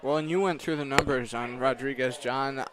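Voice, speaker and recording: A man's voice: medium pitch, steady tone, normal speed, fairly bright tone. A man doing color commentary in a ballpark booth, laid-back and throwing in playful asides. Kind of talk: joking baseball color commentary. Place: outdoor ballpark broadcast booth.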